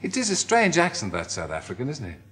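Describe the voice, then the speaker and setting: An Irish man hosts a TV chat show, and his pitch rises and falls a great deal as he talks. He fires off teasing, playful questions and likes to add his own wry asides. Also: wildly swooping pitch, fast talker, fairly bright tone. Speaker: talk show host.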